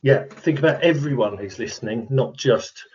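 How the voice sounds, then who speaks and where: A man's voice: mid-range voice, normal speed, darkish tone, husky. A man co-hosting a podcast, talking in joking, chatty banter. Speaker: podcast co-host. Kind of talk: casual chat. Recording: dull lo-fi sound.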